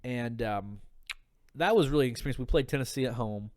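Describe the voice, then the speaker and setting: Casual dude ranting and cussing, tipsy, mid pitch, dead dry room. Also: male voice, a little fast, darkish tone, dry recording. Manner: profane, heated storytelling. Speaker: podcast guest. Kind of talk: casual drunk podcast chat.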